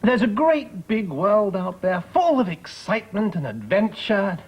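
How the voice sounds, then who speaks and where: A pompous, blustering office manager. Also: male voice, high-pitched, big pitch swings, measured pace, slightly rough, full character voice. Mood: solemn. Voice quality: pompous, self-important, blustering. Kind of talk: 1990s studio sitcom acting. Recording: dull broadcast sound, studio audience laughter.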